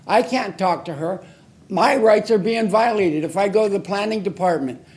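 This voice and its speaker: Angry guy at the city council podium mic, high voice, blunt and repeating himself. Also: normal speed, a little mellow. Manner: angry, accusing, confrontational. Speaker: member of the public giving comment. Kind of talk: public comment at a council meeting.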